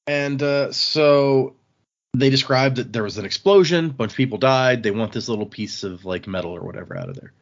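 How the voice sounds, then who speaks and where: A man's voice: medium pitch, a little fast. Laid-back man recapping a book. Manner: relaxed, chatty retelling with small restarts. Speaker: podcast host. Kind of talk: casual book-club chat, recapping and quoting lines. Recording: slightly dull lo-fi mic audio.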